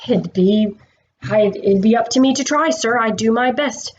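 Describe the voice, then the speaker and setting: A woman's voice: a little high, moderate pace, highs cut off, a little hiss or hum, natural voice. A woman voicing a humble, plain-spoken cab driver who talks hesitantly and deferentially.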